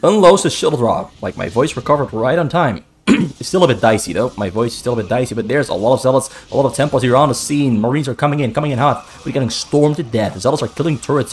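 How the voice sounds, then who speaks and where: A man's voice: mid-range voice, animated. Man casting a strategy game solo. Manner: brisk running commentary, repeats key phrases for emphasis. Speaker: esports caster. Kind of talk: solo play-by-play game commentary.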